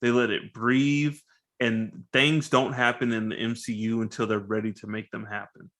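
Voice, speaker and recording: Relaxed man, podcast co-host, mid-pitched, casual slang. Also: normal speed. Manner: laid-back, loose, says bruh and dog. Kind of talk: casual reaction chat.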